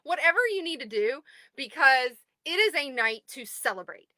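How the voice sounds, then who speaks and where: Woman, 30s, group owner, chatty and excitable livestream host, dry close sound. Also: high-pitched, normal speed, no room sound. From United States. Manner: excitable, chatty, greets viewers by name. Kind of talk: casual livestream chat. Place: home.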